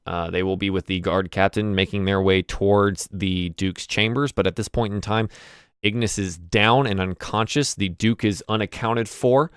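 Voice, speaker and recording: A man acting as game master, narrating a tabletop game over a voice call in a relaxed, casual way. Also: fairly low pitch, smooth, dry recording, clean studio sound.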